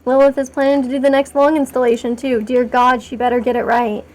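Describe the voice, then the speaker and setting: A woman streamer with a high voice talks through her game in a loose, rambling way. She keeps poking fun at herself and gets excited easily. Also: fairly quick. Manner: rambling and chatty, talking to chat while playing; self-mocking and excitable. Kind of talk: casual live-stream commentary.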